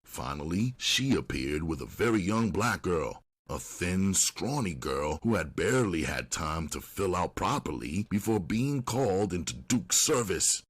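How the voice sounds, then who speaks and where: A man narrating an audiobook in a steady, unhurried storytelling manner. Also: low voice, breathy edge.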